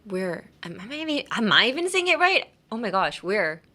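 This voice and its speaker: A woman's voice: fairly high pitch, big pitch swings, brisk, bright, forceful tone. A woman hosting a casual podcast that teaches English. She talks in a chatty, playful way, laughs often and uses many fillers. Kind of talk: casual language-lesson podcast.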